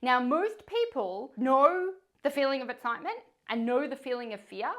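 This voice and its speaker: A middle-aged woman talks straight to riders in a motivational coaching chat. Her voice sits a little high and swings widely as she acts out little bits of dialogue. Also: normal speed. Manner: animated storytelling, acting out dialogue. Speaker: riding coach. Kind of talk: motivational coaching talk to camera.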